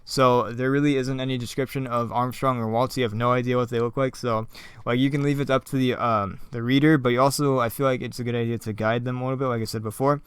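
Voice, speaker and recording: A man reads his own play script and comments on it as he goes. He rambles, with plenty of fillers and side remarks. His voice is smooth and the recording close and dry. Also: mid-range voice, steady tone, quick pace, hardly any pauses, no echo. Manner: rambling, with many fillers and asides. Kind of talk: casual script reading with commentary.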